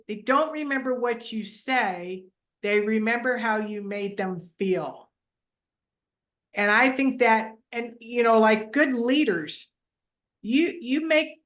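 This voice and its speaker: A woman's voice: a little high, fairly bright tone. A woman hosting an interview, reflecting on and affirming what her guest says. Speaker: interview host. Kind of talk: casual interview chat.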